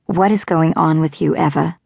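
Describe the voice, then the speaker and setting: A woman voicing a kind, graceful female robot caretaker with a gentle, measured, faintly formal manner. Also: low voice, gravelly, husky, dry recording, studio quality, heavily acted. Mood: gentle concern.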